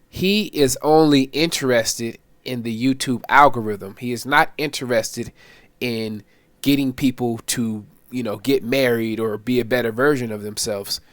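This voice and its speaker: A man's voice: medium pitch, dry recording, studio quality. A man hosting a reaction commentary, talking wryly and laughing at his own points. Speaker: commentary host.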